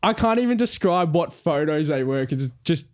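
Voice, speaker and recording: A man's voice: on the high side, lively intonation, normal speed. A young man, a podcast co-host telling a story casually and animatedly, acting out quoted voices.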